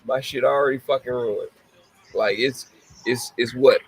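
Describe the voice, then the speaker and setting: Steady in tone and measured in pace, this podcast host has a medium-pitched voice with a breathy edge. He rants bluntly and casually, swearing heavily and often laughing, on a rough recording.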